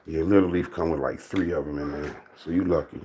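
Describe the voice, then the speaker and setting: A man's voice: extremely low pitch, fairly even intonation, a little fast, mellow, a little hiss or hum. A man on a casual livestream, reading and answering his chat in a teasing, mocking way, laughing often.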